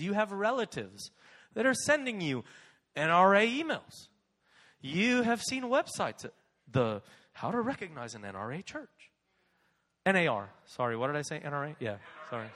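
A male pastor preaching a sermon in an emphatic, animated way, driving points home by repeating key phrases. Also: high-pitched, long reverb tail. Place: church sanctuary.

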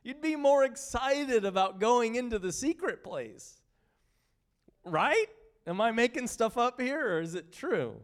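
A man preaching a sermon with passion, swinging between loud excitement and hushed, tender reading. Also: extremely high pitch, measured pace.

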